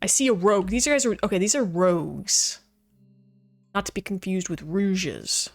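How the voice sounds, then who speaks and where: A woman's voice: mid-range voice, animated, moderate pace, vocal fry. Chatty woman streamer over faint music. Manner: chatty, talks to chat while playing, laughs often. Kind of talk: casual livestream gaming chat.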